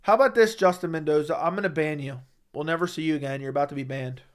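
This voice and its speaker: A young man hosts a casual livestream, reading viewer comments and firing back bluntly with plenty of swearing. His voice sits a bit higher than most men's. He talks close into a desk microphone. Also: fast talker, smooth. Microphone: studio microphone at a desk.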